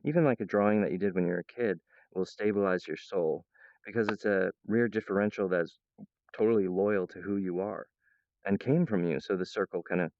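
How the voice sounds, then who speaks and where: A man rambling to his viewers, jumping between topics and laughing mid-sentence, now and then mimicking others in a high voice. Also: fairly quick, darkish tone, dry recording, muffled recording. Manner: acts out other people's voices in a high pitch.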